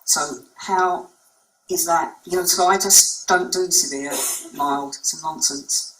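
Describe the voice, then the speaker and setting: Slow and a bit bright, the lowish voice belongs to a woman clinician speaking at a conference in a presentation room. She talks conversationally and without hurry, dropping in plenty of ums, captured by a distant mic in an echoey space.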